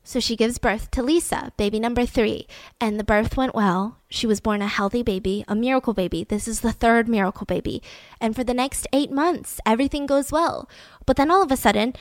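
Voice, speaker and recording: A woman podcast host telling a true-crime story in a casual, animated way, often indignant and full of "like". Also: a little high, fairly quick, no echo. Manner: animated and indignant, heavy use of "like".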